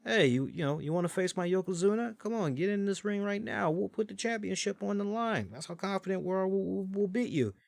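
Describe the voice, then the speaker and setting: A man's voice: high voice, lively intonation, a little fast, gravelly, few pauses, no echo, pitched above the performer's own voice. A man voicing a scheming older male wrestling manager who issues a brash, taunting challenge.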